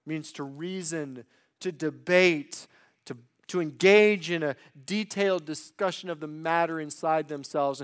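A man preaching a sermon in earnest, swinging between loud emphasis and quiet, drawn-out phrases. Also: fairly high pitch, smooth.

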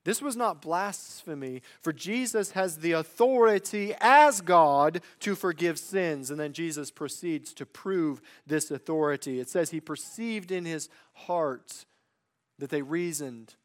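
A man preaching a sermon in earnest, swinging between loud emphasis and quiet, drawn-out phrases. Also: on the high side.

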